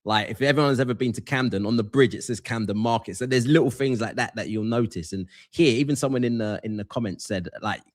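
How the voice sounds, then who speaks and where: A man co-hosting a live show, chatting casually and agreeing readily with his guests. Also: mid-range voice. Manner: warmly agreeing, quick affirmations. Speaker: co-host.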